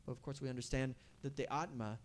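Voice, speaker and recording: A man telling a devotional story to a live audience at a temple gathering, animated and asking the audience questions. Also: mid-range voice, fast, slight background noise.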